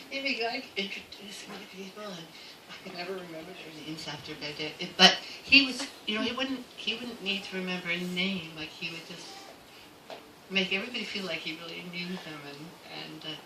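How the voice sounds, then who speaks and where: Woman, low voice, fond halting tribute with laughs, echoey room. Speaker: memorial speaker. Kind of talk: informal tribute speech. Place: memorial gathering room. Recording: echoey room, distant mic, background noise.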